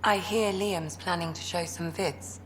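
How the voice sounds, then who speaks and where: A woman's voice: fairly low pitch, fairly even intonation, a little slow, a little hiss or hum, lightly acted. An actress playing a wry female ship doctor in a video game, dry and teasing. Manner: dry, teasing and self-deprecating.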